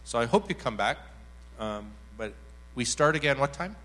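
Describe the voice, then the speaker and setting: A man's voice: medium pitch, expressive, moderate pace, fairly bright tone. A man speaking at a church workshop, telling an anecdote and acting out the quoted voices with animation. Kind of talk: teaching talk with acted anecdote.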